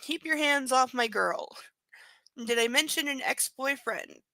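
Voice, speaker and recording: A woman reading a controlling rich young man, clipped lines, bright, dry sound. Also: high voice, a little slow, no room sound, pitched above the performer's own voice, exaggerated voice, rough recording. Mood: possessive.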